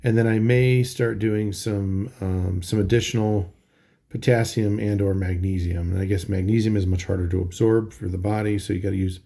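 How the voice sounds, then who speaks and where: Tired middle-aged guy rambling thru his video diary, lots of ums, low mellow voice. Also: steady tone, creaky. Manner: halting, many ums and restarts. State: tired, yawning. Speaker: vlogger. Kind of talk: casual daily video diary.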